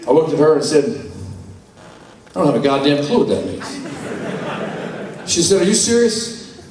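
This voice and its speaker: Heard from a distant mic in a large, echoey conference hall with slight background noise, a medium-pitched man with a darkish tone tells his story. This older New York conference speaker is candid and blunt, and his testimony comes with salty language.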